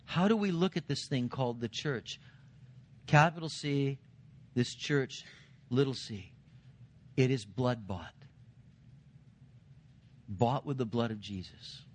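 A middle-aged senior pastor preaching a sermon, earnest, building to emphatic points and dropping quiet for stress. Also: male voice, takes it slowly, long pauses. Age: 40s or older. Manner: earnest preaching, rising to emphatic lines then dropping low.

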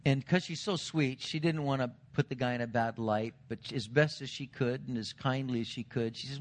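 A middle-aged senior pastor preaching a sermon, earnest, building to emphatic points and dropping quiet for stress. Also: male voice, fairly even intonation, fairly quick, hardly any pauses. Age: 40s or older. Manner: earnest preaching, rising to emphatic lines then dropping low.

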